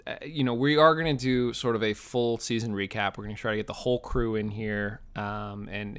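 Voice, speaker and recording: A man hosting a sports podcast, talking in a measured way in casual chat and steering the conversation. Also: on the low side, fairly bright tone, clear, resonant tone. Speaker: podcast host.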